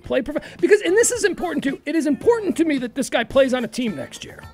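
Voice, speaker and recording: A woman hosting a talk radio show in a studio, opinionated and riffing quickly in casual commentary. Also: sits high, very animated, darkish tone, faint music behind. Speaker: radio host.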